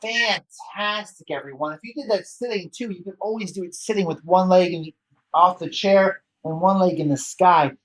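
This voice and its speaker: A man's voice: high-pitched, normal speed. A man leading a children's yoga storytime, playful and encouraging, with little sound effects along the way. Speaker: kids' yoga instructor.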